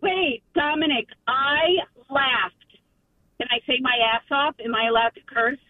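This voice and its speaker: A woman's voice: high-pitched, measured pace, no echo. A woman calling into a radio show, gushing and effusive toward the host. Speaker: radio caller. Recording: tinny phone line, distant.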